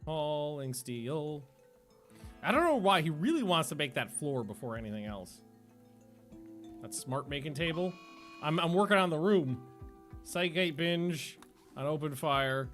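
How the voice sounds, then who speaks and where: A man's voice: a little high, lively intonation, unhurried, long pauses, a bit bright, soft background music. A man streaming a game, chatting casually in a rambling way, often stopping himself mid-sentence and laughing at his own stories. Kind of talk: casual gameplay livestream chat.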